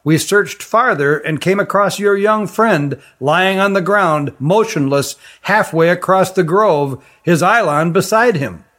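A man voicing a stern male stranger who rides a fox, speaking in a high voice with a measured, explanatory manner. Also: fairly bright tone. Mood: explaining.

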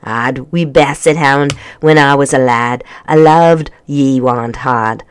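A grumpy little bearded hermit with a broad Scottish accent, as an audiobook narrator puts him on. He grumbles in a gruff storybook voice at a middling pitch. The sound is dry and close. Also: slow pace, no room sound, lightly acted. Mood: fond.

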